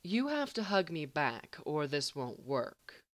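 A woman voicing a stoic, dry-witted grown male scientist who speaks slowly and deliberately. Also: deep voice, full character voice. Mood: deadpan. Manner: calm, slow and deliberate.

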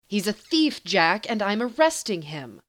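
A woman's voice: mid-range voice, sing-song, unhurried, a bit bright. A woman reading the part of a tough, no-nonsense female deputy with clipped, commanding speech in an audiobook.

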